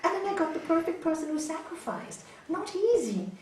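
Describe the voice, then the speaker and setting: A woman yoga teacher giving a spiritual talk and answering audience questions, coaching gently and often asking "hmm?". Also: very high voice, sing-song, brisk. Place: large hall. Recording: echoey hall from far off, faint noise.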